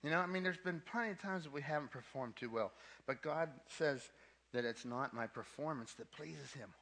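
A man's voice: on the high side, brisk, fairly bright tone. A man preaching a sermon to a young adult ministry, emphatic, with casual asides, and repeating his key points twice.

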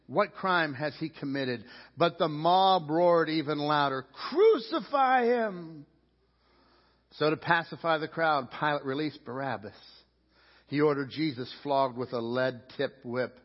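Man preaching in a reverberant hall. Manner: preaching with big swings of pitch and loudness, acting out crowd voices. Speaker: pastor. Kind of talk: sermon. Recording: dull lo-fi sound with long reverb in a hall.

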